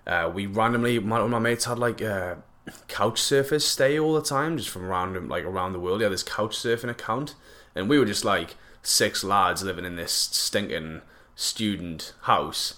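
A man's voice: on the low side, animated, moderate pace, sharp tone. A young man, chatting casually and jokily to camera, rambling with lots of fillers and slang. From northeast England.

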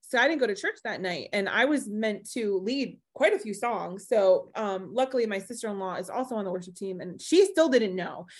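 A young woman, a podcast guest, telling a personal story in lively fashion and playing the other people's voices as she goes. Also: medium pitch, moderate pace, hardly any pauses. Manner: animated storyteller acting out quoted voices.

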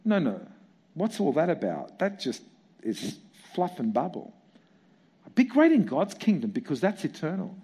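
Animated male preacher. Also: fairly high pitch, unhurried, breathy edge. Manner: animated, repetitive, rhetorical questions. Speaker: pastor. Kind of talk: sermon.

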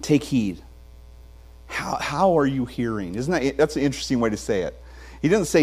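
A man in his forties preaches in a church, his mid-pitched voice turning animated as he tells stories. He mixes humor into his sermon. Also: normal speed. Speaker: pastor. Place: church sanctuary.

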